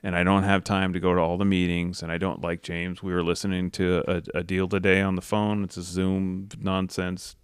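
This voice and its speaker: Man, deep voice, podcast co-host, rambling joker, blunt, dry close sound. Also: level tone, moderate pace, hardly any pauses, smooth, no room sound. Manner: rambling, joking storyteller with blunt opinions. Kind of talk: casual podcast chat.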